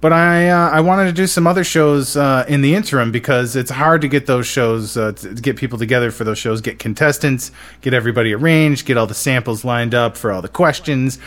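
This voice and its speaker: A man hosting a casual podcast, excitable and rambling, with many fillers. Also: medium pitch, brisk. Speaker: podcast host.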